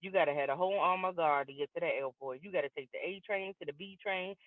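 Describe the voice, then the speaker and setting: A woman's voice: lowish voice, quick pace, no echo. Woman comic on a tinny video call. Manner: lively storyteller acting out both sides of dialogues. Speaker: comedian. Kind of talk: stand-up comedy set over a video call.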